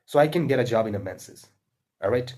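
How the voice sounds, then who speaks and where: A man's voice: medium pitch, lively intonation, quick pace, a little mellow. A man with an Indian accent giving earnest, repetitive spoken advice to English learners, with frequent fillers and restarts.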